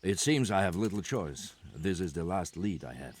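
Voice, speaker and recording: An actor playing a guarded, secretive soldier, speaking in measured, formal video game dialogue. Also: male voice, low-pitched, lively intonation, husky. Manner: measured, formal, stiff old-fashioned phrasing.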